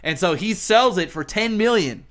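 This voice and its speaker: A man casting a game, telling a rambling, animated story in casual chat. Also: sits high, normal speed. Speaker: game caster.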